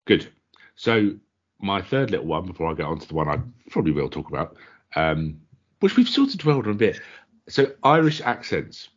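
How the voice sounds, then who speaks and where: A man with a deep, husky voice holds forth on a podcast in blunt, clipped sentences, brushing things off as he goes. The recording is muffled and lo-fi. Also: sing-song, moderate pace. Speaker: podcast co-host. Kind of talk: casual rant chat. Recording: dull lo-fi recording.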